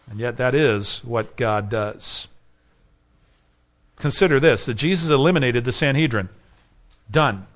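A man with a fairly high, fairly bright voice preaches an expository sermon as pastor. He is emphatic and asks many rhetorical questions.

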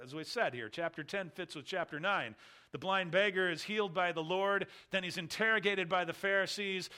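Bright-voiced man preaching an emphatic sermon. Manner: emphatic, teacherly, rises to stress points then drops low. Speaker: pastor. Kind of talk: expository sermon.

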